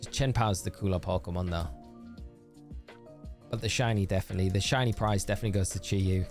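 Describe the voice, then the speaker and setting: A man's voice: low-pitched, steady tone, brisk, long pauses, soft background music. A man streaming a game live, chatting casually and reading viewer messages aloud as he answers them.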